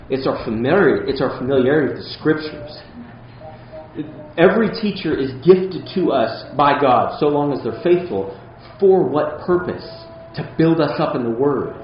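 A man's voice: mid-range voice, reverberant, lo-fi sound, slight background noise. A man preaching a sermon as pastor, earnest and emphatic, with casual asides to the congregation.

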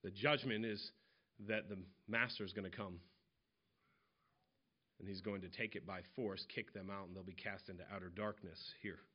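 A man with a deep voice preaches an expository sermon conversationally, going through scripture verse by verse and retelling parables in casual voices. He speaks at a moderate pace with fairly even intonation and frequent pauses, and the recording is muffled.

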